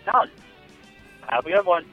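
A man leaving a short voicemail that tells a joke in a deadpan way. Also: high-pitched, a little slow, faint music behind. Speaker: caller. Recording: dull lo-fi phone recording.

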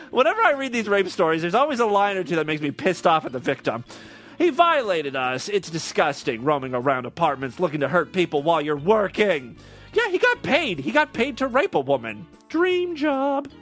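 High-voiced, sarcastic male comedy host. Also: fairly bright tone. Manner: sarcastic, crude, reads news aloud with blunt asides. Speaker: podcast host. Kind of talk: comedic news commentary.

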